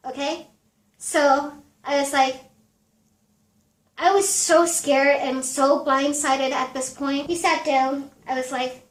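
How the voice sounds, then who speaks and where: High-voiced woman telling a story slowly. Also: echoey room. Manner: animated, peppered with fillers and swearing. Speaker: vlogger. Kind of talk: casual storytime chat.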